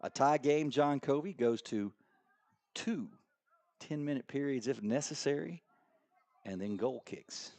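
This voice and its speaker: A middle-aged man doing play-by-play commentary for a school soccer match, joking around and bursting into excited high calls. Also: a little slow, long pauses. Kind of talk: local sports commentary.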